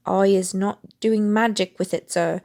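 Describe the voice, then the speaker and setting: A woman's voice: little pitch movement, unhurried, creaky, a little mellow. A woman voicing a terrified little female house-elf who stammers and pleads in broken grammar. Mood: terrified pleading. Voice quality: squeaky.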